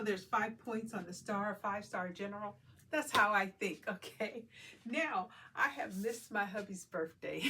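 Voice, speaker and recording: Chatty woman quilter thinking aloud. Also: on the high side. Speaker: quilting vlogger. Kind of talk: casual talk while working.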